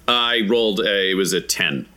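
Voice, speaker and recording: A man's voice: lowish voice, normal speed, crowd noise. A man playing a tabletop game, joking at his own expense. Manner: self-mocking, laughing. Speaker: player. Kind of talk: casual tabletop play.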